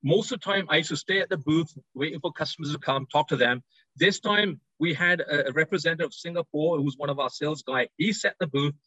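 A British-accented man with a high, slightly husky voice pitches his company with eager drive. He speaks over a video call from a trade show floor, and the audio is dry and dull. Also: sharp tone, no echo. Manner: enthusiastic, rapid sales pitch. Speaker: company executive.

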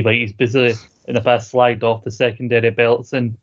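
A man's voice: mid-range voice, little pitch movement, fast, hardly any pauses. A man co-hosting a podcast, chatting casually about wrestling, laughing often and swearing freely. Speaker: podcast co-host. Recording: dull lo-fi recording.

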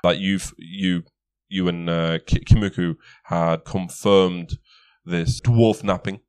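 A man's voice: deep voice, fairly even intonation, slow, a little mellow, clean tone, dry recording. A man narrating a tabletop game as game master, chatty and laughing, often correcting himself.

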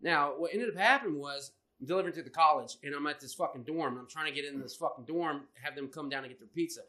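A man's voice: a little high, quick pace. A man co-hosting a casual podcast, telling a story with lots of swearing and acting out the other people in it. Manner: profane, animated, acts out the other people in his stories. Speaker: podcast co-host.

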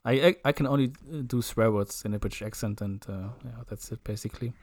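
Halting young man in casual chat. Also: fairly low pitch. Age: young adult. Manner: relaxed, halting with repeated words and "uh", dry jokes. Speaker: podcast co-host.

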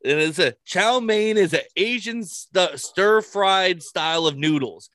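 Casual storytelling from a man whose voice sits high, at a measured pace in a dry recording; he's animated, swears freely, and frequently bursts out laughing.

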